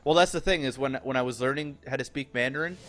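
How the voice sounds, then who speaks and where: A man's voice: medium pitch, fast talker, fairly bright tone. A man co-commentating a video game in a laid-back, rambling way, with some swearing. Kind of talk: casual gaming commentary.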